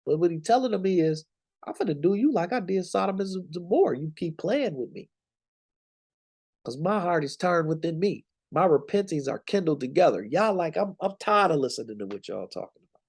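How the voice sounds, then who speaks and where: Gravelly, animated man teaching scripture. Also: a little high, brisk. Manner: conversational, preachy, slangy and emphatic. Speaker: Bible teacher.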